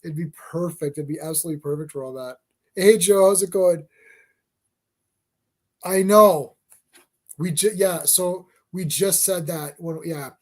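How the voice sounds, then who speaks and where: High-voiced man, rambling excitable co-host in a casual chat. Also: measured pace, long pauses. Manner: rambling, excitable, acts out scenes.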